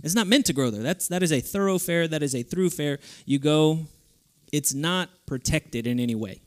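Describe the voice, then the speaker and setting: A young man delivers a sermon to a youth group in a lively, playful way. His voice sits a little high for a man. His delivery is animated and casual. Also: moderate pace. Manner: lively, playful, switches into goofy voices for stories. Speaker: youth speaker.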